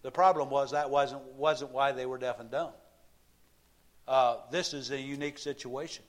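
A middle-aged male pastor preaching a sermon, building to emphatic raised passages and slowing to repeat key lines. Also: medium pitch, steady tone.

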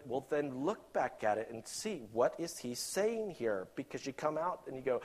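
A man preaching a sermon with passion, rising to loud emphatic peaks and dropping to quiet asides, acting out imagined objectors. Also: mid-range voice, lively intonation, normal speed. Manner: acts out imagined objectors in quoted voices.

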